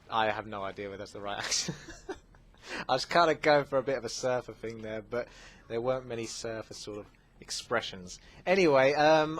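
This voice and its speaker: A man hosting a gaming channel, casually answering viewer questions, chatty and full of fillers. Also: medium pitch. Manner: chatty, with many fillers and quick asides. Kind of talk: casual Q&A commentary.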